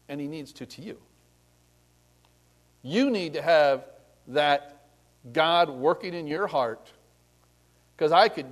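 High, lively-voiced male preacher. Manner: conversational, acts out scripture scenes in voices. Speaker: pastor. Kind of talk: sermon.

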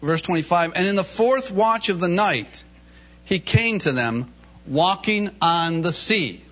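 A man preaching a sermon in an animated way, reading scripture and acting out the voices in it with laughter in between. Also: high-pitched, measured pace. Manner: animated, acts out Bible voices, laughs often. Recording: dull lo-fi recording.

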